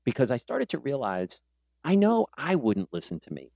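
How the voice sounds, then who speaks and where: Animated man telling a story. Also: mid-range voice, normal speed, vocal fry, no echo. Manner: animated, acts out quoted dialogue. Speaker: podcast host and teacher. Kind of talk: casual conversational storytelling.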